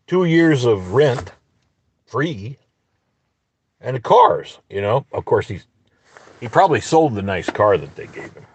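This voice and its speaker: A man's voice: medium pitch, husky, dry recording, highs cut off. A man telling a story in a profane, angry, rambling rant from inside a parked car. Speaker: vlogger. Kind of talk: ranting storytelling vlog.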